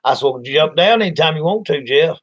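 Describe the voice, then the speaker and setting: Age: adult. Sex: man. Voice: slightly high. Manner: folksy, rambling storyteller. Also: animated, a little fast, fairly bright tone. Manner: folksy, rambling, acts out voices in his stories. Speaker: livestream host. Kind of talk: casual storytelling chat.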